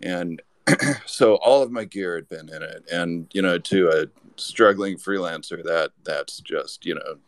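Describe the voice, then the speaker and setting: A man's voice: low-pitched, unhurried, no echo. A man telling a rambling anecdote as a podcast guest, with lots of restarts. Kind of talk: casual storytelling.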